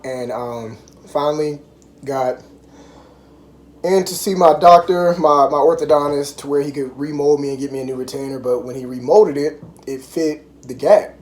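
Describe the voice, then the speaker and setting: A man's voice: fairly high pitch, moderate pace, a little mellow. A young man vlogging to camera, telling a story in loose, rambling casual chat full of fillers.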